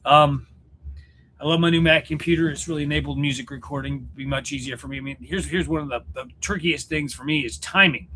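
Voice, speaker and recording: A man with a bright, forward voice hosts a casual livestream chat. He rambles and jokes, restarting his sentences as he goes. A faint hum of noise sits under the voice. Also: fairly high pitch, steady tone, fairly quick. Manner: rambling, self-interrupting, joking. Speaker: YouTube channel host and musician. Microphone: computer setup at home.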